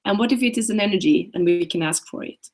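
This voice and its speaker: A middle-aged woman with a Swedish accent, hosting a casual coaching talk in a gentle, playful way full of questions. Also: medium pitch, fast. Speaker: coach hosting a live session.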